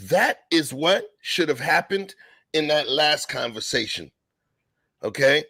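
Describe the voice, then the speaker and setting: A man's voice: fairly high pitch, lively intonation, a little slow, pushed and bright, breathy edge, dry recording. A man co-hosting a talk show, giving emphatic, slangy commentary in a casual chat. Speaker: podcast co-host.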